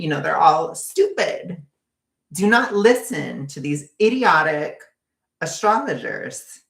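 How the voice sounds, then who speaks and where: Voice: mid-range voice, vocal fry, fairly bright tone, echoey room. A vlogger ranting in a casual, profane, exasperated way.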